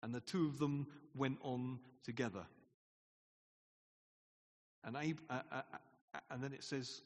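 A man's voice: mid-range voice, steady tone, measured pace. A man preaching a sermon in a conversational way, asking the congregation questions and laughing often. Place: church hall. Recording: long hall reverb.

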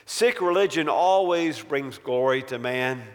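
A man preaching a sermon, telling a story in a measured and emphatic way. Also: mid-range voice, long reverb tail.

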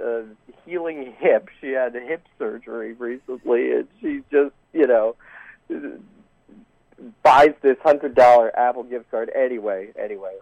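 A man on a call-in line tells his story in a rambling, halting way, circling back with restarts and fillers. His voice comes through a narrow, tinny phone line. The sound is dry and close. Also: medium pitch, vocal fry, no echo. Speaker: caller.

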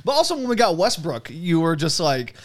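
Lively, rambling young man. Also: a little high, fairly quick. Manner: rambling, profane, animated storytelling. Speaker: podcast host. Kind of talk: casual chat.

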